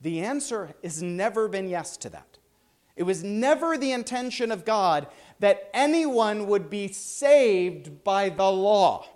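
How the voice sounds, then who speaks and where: A man's voice: sits high, expressive, a little mellow. A man teaching a Bible class, emphatic and stopping often to check that listeners follow. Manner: emphatic, frequent "right?" check-ins; stumbles and restarts, then slows for emphasis.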